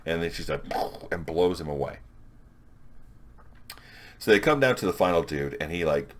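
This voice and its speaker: A man giving a casual, rambling review of a comic issue, recapping scenes and quoting characters' dialogue. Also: extremely low pitch. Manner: rambling, with restarts and quick quoted dialogue.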